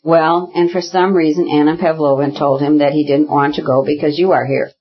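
A reader voicing Varenka, a gentle, soothing young woman with a husky voice. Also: mid-range voice, flat delivery, fairly quick, muffled recording, natural voice. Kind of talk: audiobook character reading.

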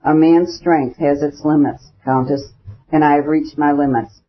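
A man's voice: a little high, steady tone, measured pace. A man reading the lines of a crushed, self-pitying middle-aged official who speaks plaintively and formally in an audiobook. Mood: despairing. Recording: dull lo-fi recording.

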